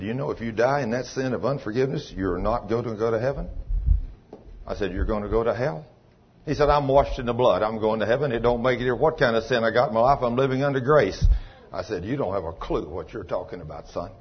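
A man preaching a sermon as pastor, telling a story and acting out the dialogue, swinging between loud and soft. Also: mid-range voice, fairly quick, slightly rough, highs cut off.

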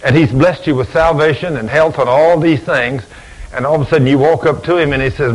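Man, preacher, folksy storyteller, fairly high voice, radio broadcast sermon. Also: fast talker, low-quality recording. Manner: folksy, acts out both sides of conversations. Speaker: preacher and deacon.

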